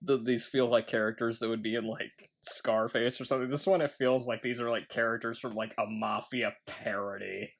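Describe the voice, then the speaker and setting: A man's voice: mid-range voice, steady tone, brisk, vocal fry, few pauses. A young man co-hosting a podcast, chatting casually about movies and laughing often as he recounts scenes. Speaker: podcast co-host. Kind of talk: casual film review chat.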